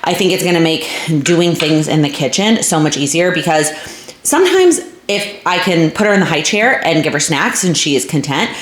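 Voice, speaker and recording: A woman's voice: sits low, lively intonation, moderate pace. A young woman, vlogging from home in a rambling, chatty way that keeps interrupting itself. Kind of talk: casual chat. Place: home, indoors. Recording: echoey room with faint noise.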